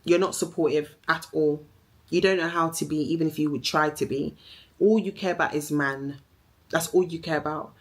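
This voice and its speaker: A woman's voice: low-pitched, steady tone, normal speed. A young woman with a Jamaican accent delivering a heated, accusing, repetitive social media rant, swearing as she goes. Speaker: vlogger.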